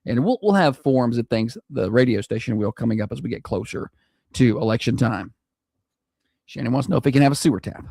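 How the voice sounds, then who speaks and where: A man's voice: mid-range voice, lively intonation, a little fast, gravelly, dark tone, no echo. Male morning-radio co-host, laid-back banter, close dry mic. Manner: easygoing, chatty, plugs pledges.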